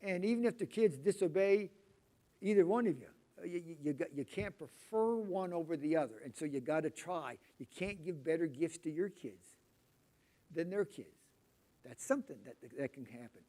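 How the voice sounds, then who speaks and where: A man's voice: fairly high pitch, lively intonation, normal speed, mellow. A middle-aged man preaching a conversational, rambling sermon, acting out quoted voices along the way. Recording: poor volume quality.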